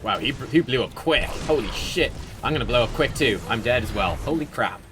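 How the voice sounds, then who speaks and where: A man streaming a video game, giving casual, rambling commentary with sudden excited outbursts. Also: medium pitch, brisk, over music. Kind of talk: casual livestream gameplay commentary.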